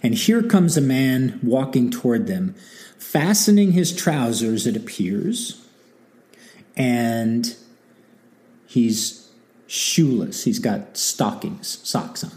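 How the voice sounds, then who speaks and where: Mellow-voiced man telling history casually. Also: mid-range voice, slow. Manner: animated and wry, acting out quotes, many asides. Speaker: history channel host.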